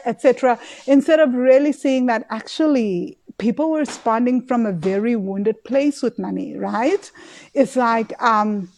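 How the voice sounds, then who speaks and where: A woman, coaching on money and mindset in casual podcast talk, animated and emotive. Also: on the high side, unhurried. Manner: animated, emotive, acts out inner voices.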